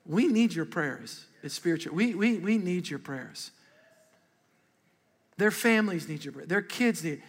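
A middle-aged man, a pastor, preaching an animated, conversational sermon and calling for responses from a large congregation. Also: high-pitched, big-room sound. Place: large church auditorium.

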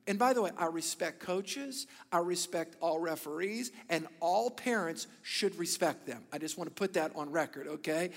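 A man in his thirties preaching a sermon, telling stories with bursts of loud emphasis and hushed, whispered asides. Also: fairly high pitch, big-room sound. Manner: animated storytelling, swings between loud emphasis and hushed whispers. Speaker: pastor.

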